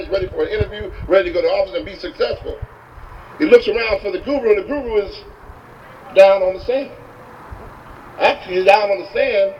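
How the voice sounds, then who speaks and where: A man giving a motivational talk, telling a story with animated delivery and acting out the characters, recorded from a distance with dull sound. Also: high-pitched. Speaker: motivational speaker. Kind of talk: storytelling speech. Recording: distant, dull, faint hiss.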